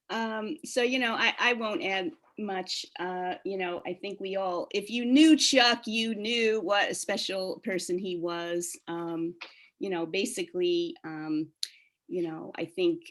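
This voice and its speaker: A woman speaking quietly at a community memorial about a colleague, hesitant and full of fillers. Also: mid-range voice, takes it slowly. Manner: soft-spoken, hesitant, many fillers. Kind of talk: personal tribute at a memorial.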